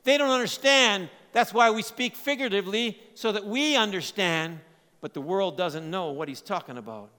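A man preaching a sermon, swinging between loud emphatic lines and quiet, low asides. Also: normal speed. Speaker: pastor. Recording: long hall reverb.

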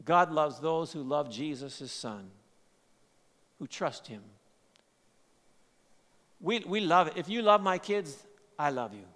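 A man preaching a sermon, swinging between loud emphatic lines and quiet, low asides. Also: animated, takes it slowly, long pauses. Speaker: pastor. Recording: long hall reverb.

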